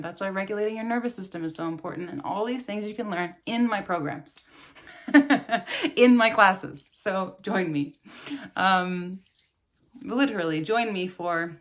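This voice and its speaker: A woman in her thirties, a yoga and meditation teacher, giving an earnest, casual spiritual talk and laughing often. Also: mid-range voice.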